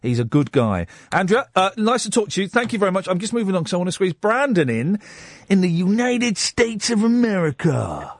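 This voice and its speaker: A man's voice: high-pitched, fast, hardly any pauses, no room sound. A man hosting a radio phone-in, chatting casually and restarting his sentences often. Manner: animated, self-deprecating, stammers and restarts. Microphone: studio microphone.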